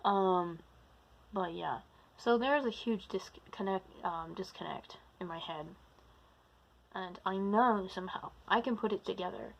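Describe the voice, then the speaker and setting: A woman's voice: mid-range voice, a bit bright, muffled recording. A woman vlogging to her camera, slipping into a put-on British-like accent, rambling, losing her train of thought and restarting. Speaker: vlogger, practicing witch and druid. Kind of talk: casual talking-to-camera vlog. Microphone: camera recording herself.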